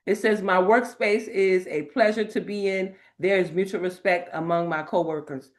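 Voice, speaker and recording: A woman hosting a spiritual talk, animated and emphatic, laughing often as she reads inspirational cards. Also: mid-range voice, moderate pace. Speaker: host. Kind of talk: spiritual talk and card reading.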